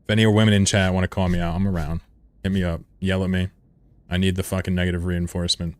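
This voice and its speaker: A man's voice: low voice, flat delivery, fast talker, no room sound. A man streaming a game, chatting casually with his audience in a rambling, profane way and chuckling often. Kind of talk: casual live-stream commentary.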